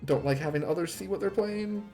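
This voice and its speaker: Streamer dude chatting between lines, lots of "like", faint music behind. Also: male voice, medium pitch, animated, normal speed, gravelly. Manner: chatty, laughs easily, filler "like". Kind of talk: live let's play commentary.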